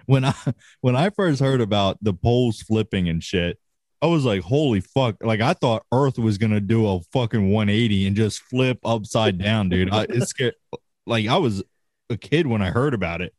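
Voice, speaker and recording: A man's voice: fairly low pitch, expressive, normal speed, a little mellow, dry recording, clean studio sound. A man chatting casually on a podcast, swearing freely and laughing often. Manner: profane, laid-back, laughs often. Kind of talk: casual chat.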